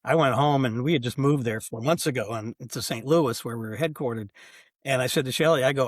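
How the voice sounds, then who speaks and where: A man's voice: medium pitch, brisk, dry recording, studio quality. An older man, a sports executive guest on a podcast, telling anecdotes casually and acting out the back-and-forth of old conversations. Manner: animated anecdotal storyteller, acts out quoted exchanges. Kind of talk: casual storytelling interview.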